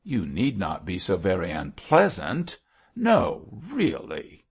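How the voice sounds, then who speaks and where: A man's voice: deep voice, huge pitch swings, slow, vocal fry, slightly rough, exaggerated voice. A man reading an audiobook voices a simpering, affected spinster who gushes coyly. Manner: gushing, coy. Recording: dull lo-fi audio.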